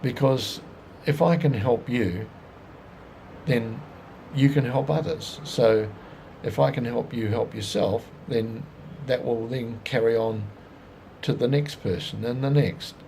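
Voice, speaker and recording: A man's voice: mid-range voice, slow pace, creaky, dark tone, a little hiss or hum. A man with an Australian accent telling his life story in a rambling, folksy monologue full of plain sales advice. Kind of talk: casual monologue to camera.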